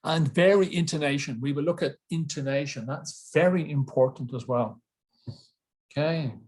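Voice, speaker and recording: A man's voice: on the high side, normal speed, darkish tone. A man teaching an online English lesson to a webcam, playful and jokey, repeating words for drilling.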